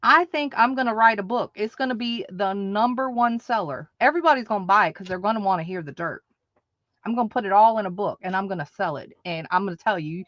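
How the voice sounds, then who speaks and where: Bright-voiced woman ranting emphatically. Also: mid-range voice, quick pace, dry recording, lo-fi sound. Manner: emphatic, repetitive, indignant. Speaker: online craft market host. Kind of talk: ranting livestream monologue.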